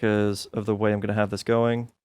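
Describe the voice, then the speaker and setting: A man's voice: lowish voice, flat delivery, fairly quick, darkish tone, smooth, no echo. Self-mocking man narrating his gameplay. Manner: self-mocking, thinking aloud, laughs at himself. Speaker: streamer playing a modded game. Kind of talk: casual gameplay commentary.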